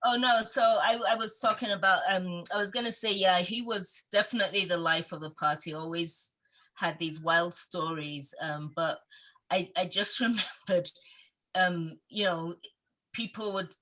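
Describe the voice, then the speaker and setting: Woman participant, bright sharp tone, lively storyteller on a call. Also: lowish voice, normal speed. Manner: lively storyteller, laughs often. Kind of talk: casual group chat. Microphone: video call.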